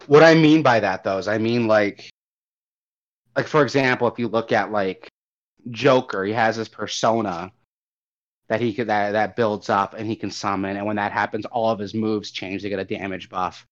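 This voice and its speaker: A young man co-hosting a casual gaming chat, rambling and animated, swearing casually as he goes. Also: on the low side, moderate pace. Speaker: podcast co-host. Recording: dull lo-fi audio.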